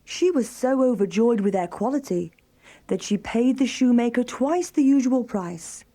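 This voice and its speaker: A woman narrating a children's fairy tale in a calm, even storybook telling. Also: on the high side, moderate pace.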